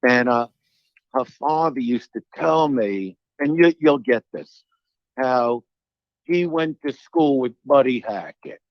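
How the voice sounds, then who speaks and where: A man, a comedian telling profane, animated stories as an interview guest. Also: medium pitch, takes it slowly, no echo, highs cut off. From Brooklyn, New York. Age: 60s. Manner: animated, profane, acts out quoted dialogue. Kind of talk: storytelling in an interview.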